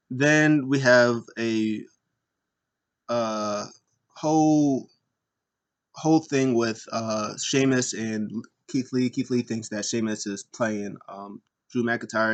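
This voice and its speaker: Young male podcast host, casual, jokey, rambling wrestling recap. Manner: rambling, jokey, mimics wrestlers in high squeaky voices.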